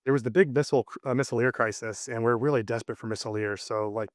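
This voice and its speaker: Male guest, 30s, mid-pitched, rambling storyteller with "uh" and "like", dry close mic. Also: steady tone, quick pace, no echo. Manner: rambling, lots of fillers and restarts. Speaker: interview guest. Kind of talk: casual storytelling interview.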